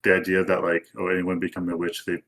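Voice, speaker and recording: A young man with a very low voice explains his views in relaxed podcast chat. He pauses on hesitant ums and keeps an easy, explanatory tone. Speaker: podcast co-host. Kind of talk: casual anime review chat.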